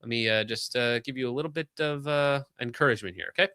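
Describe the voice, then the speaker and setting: Streamer host, male, sarcastic and joking, bright close dry voice. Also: mid-range voice, clear, resonant tone, dry recording. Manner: sarcastic, joking, quick asides. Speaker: streamer reading donations. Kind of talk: casual livestream chat.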